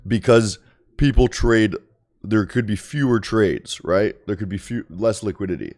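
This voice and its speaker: An unhurried man with a low, slightly mellow voice streams his day trading live. He talks bluntly and casually, wandering through his points and swearing from time to time.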